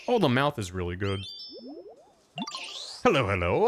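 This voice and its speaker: A man streaming a video game who thinks aloud in a rambling, casual way and reads in-game text out loud. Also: on the low side, wildly swooping pitch, normal speed, pauses often. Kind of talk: casual gameplay commentary. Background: game music.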